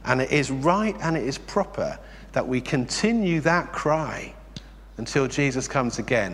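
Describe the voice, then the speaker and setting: A man preaching a sermon in a conversational, animated way, asking the congregation rhetorical questions. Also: mid-range voice, a little slow. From England. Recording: long reverb in a hall.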